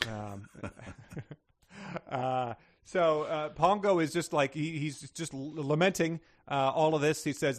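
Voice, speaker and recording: A man's voice: a little high, slow pace. A man co-hosting a casual book podcast, rambling and hesitant, often joking at his own expense. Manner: rambling, hesitant, self-deprecating. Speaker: podcast co-host.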